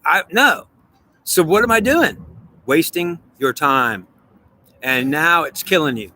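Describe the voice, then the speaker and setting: Guy in a solo vlog going back and forth with himself, pleading, keeps repeating, sharp bright tone. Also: on the high side, expressive, slow, slight background noise. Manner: earnest, pleading, repetitive. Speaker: vlogger. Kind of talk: solo monologue, arguing with himself in two voices.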